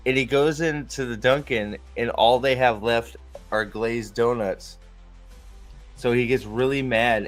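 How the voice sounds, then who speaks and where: A man with a medium-pitched, slightly bright voice hosts a casual livestream. He jokes, rambles and swears as he chats.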